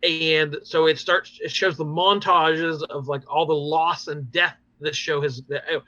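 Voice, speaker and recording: A man hosts a casual podcast chat, his voice on the high side and bright, almost tense. He recaps episodes in a lively, rambling way, full of fillers and little laughs. The recording is dry and dull, like a lo-fi mic. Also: measured pace, dry recording. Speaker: podcast host.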